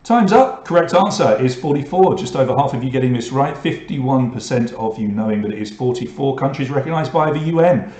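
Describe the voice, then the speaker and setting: A man's voice: medium pitch, a little fast, a little mellow, echoey room. A man with a British accent hosting an online pub quiz, reading out questions and scores with chatty asides. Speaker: quiz host.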